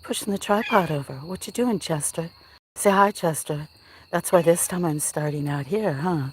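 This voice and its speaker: A woman's voice: fairly low pitch, moderate pace, a little hiss or hum. A woman with a Southern US accent streaming live from a farm, chatting casually and cooing in baby talk to her cats while greeting viewers. She is outdoors at dusk, talking into a handheld phone. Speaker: farm livestreamer. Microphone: handheld phone while walking.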